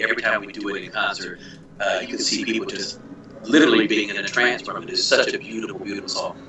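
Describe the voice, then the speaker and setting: A man's voice: lowish voice, pushed and bright. A male host chatting casually and joking with guests while he calls in from abroad over an internet phone call. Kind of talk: casual chat. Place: abroad on tour, calling in. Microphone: phone call over Skype. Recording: echoey distant phone-call audio.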